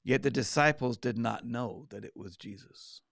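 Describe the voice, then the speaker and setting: A man with a gravelly, creaky voice teaches a Bible study in a relaxed, chatty way. He gets animated and slips in side remarks. The sound is dry and close, with no room echo. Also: mid-range voice, moderate pace. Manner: animated, acts out quoted lines with asides.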